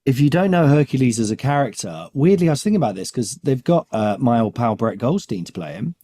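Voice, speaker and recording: A man's voice: medium pitch, big pitch swings, fast, dark tone. A man co-hosting a podcast, chatting casually and laughing often as he talks. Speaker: podcast co-host. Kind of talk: casual comedic chat.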